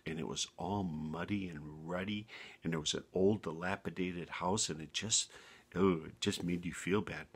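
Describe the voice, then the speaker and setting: A man narrating a bedtime story in a gentle, unhurried manner with small restarts. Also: low voice, slightly rough.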